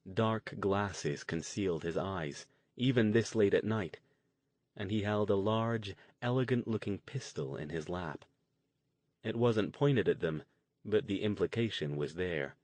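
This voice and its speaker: Low-voiced male audiobook narrator. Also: no room sound. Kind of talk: scripted narration.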